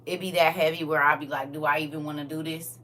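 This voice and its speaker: A woman's voice: deep voice, level tone, quick pace, sharp tone, distant mic. A woman talking casually and candidly to her audience on a live stream, addressing viewers directly.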